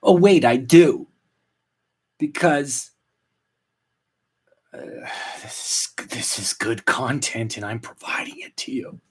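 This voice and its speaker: Deadpan, self-mocking man in his thirties. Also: medium pitch, takes it slowly, long pauses, slightly rough. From Canada. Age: 30s. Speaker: podcast host. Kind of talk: solo comedic monologue. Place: at home.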